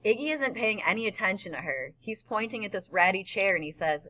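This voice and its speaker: A woman's voice: mid-range voice, animated, fairly quick, sharp tone, low-quality recording. A woman narrating an audiobook in a boy's first-person voice, telling the story plainly. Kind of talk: scripted narration.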